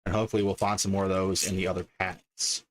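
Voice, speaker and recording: Casual male streamer, slightly low voice, chatty and easily delighted. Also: little pitch movement, fast. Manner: chatty, reading card names aloud, easily delighted. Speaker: streamer opening card packs. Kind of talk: casual livestream chat.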